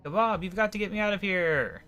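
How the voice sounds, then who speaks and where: A man voicing an eager, grateful female goblin prisoner in a video game, reading her lines in a raised, bright voice. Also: high-pitched, fairly quick, faint music behind, pitched above the performer's own voice.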